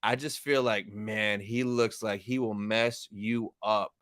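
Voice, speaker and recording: A man's voice: lowish voice, steady tone, slow pace, fairly bright tone, no echo, clean studio sound. A young man hosting a live stream, casually chatting with viewers, reading chat aloud and thanking them.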